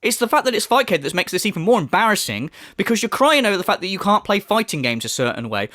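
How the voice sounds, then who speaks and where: A man's voice: sits high, sing-song, fast talker, hardly any pauses, sharp tone, no room sound, studio quality. Sarcastic, mocking male commentator. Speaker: commentary channel host.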